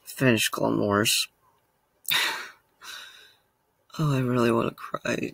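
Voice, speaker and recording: A man's voice: medium pitch, fairly even intonation, takes it slowly, creaky, long pauses, a bit bright, no room sound. A man hosting a reaction vlog, talking casually to the camera in a rambling, emotional way and laughing at himself often. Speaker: reaction channel host. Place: home room.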